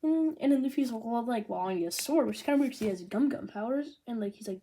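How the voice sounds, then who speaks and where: A woman giving a casual manga review, rambling and excitable, with lots of "like" fillers. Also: a little high, fast, hardly any pauses, slight background noise.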